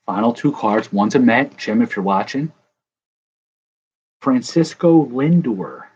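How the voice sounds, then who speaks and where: A man's voice: mid-range voice, lively intonation, takes it slowly, darkish tone, husky. A man opening baseball cards on camera, joking and rambling to his viewers in casual commentary. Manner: jokey, rambling, talks to viewers. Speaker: card-breaking vlogger. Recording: dull lo-fi sound, faint ambience.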